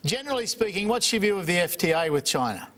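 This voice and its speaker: Australian male host, high-pitched, easygoing and conversational. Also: sing-song, fast, a bit bright. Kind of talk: broadcast interview hosting.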